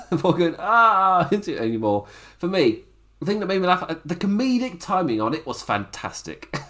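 Young guy, casual wrestling-show host, lively up-and-down voice, rambling and giggly. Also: medium pitch. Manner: rambling, laughs often, animated. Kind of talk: casual commentary to camera.

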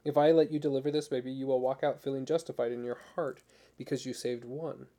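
A man voicing an exhausted young pregnant woman who speaks softly but firmly. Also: medium pitch, fast, close to an everyday voice. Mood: quietly determined. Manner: soft, steady, firm.

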